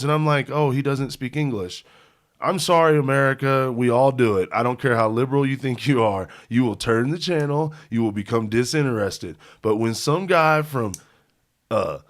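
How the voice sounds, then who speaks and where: A man co-hosting a casual sports podcast, telling stories with animation and frequent laughter. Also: on the high side. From Indiana. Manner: animated storyteller who laughs often. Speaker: podcast co-host.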